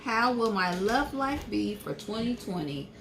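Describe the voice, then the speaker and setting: A woman's voice: a little high, animated, unhurried, noisy background. A woman giving a casual tarot reading, hesitant and full of "um" and "I feel like". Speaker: tarot card reader, co-host. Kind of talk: casual live card reading.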